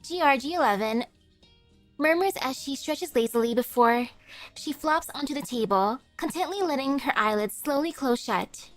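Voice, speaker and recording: A woman's voice: high voice, expressive, normal speed, soft background music. A woman streamer narrating a game story aloud, with small slips and chatty asides.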